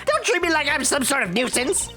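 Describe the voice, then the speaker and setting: Read by a woman, a pushy old lady from a video game scolds and coos by turns. The voice is high and swoops all over, shrill when scolding and low when muttering. Game music plays faintly behind. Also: big pitch swings, a little fast. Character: nosy old woman, loud, bossy, smitten.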